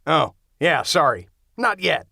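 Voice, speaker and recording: Goofy eager young guy read by a man doing an audiobook, offhand and impulsive, lively pitch, dry close sound. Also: slow pace, gravelly, no room sound, full character voice.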